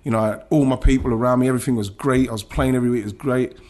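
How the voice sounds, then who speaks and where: A man's voice: medium pitch, fairly even intonation, very fast, a little mellow. A man, a former footballer, recounting his career in an emotional podcast interview, with many restarts and some swearing.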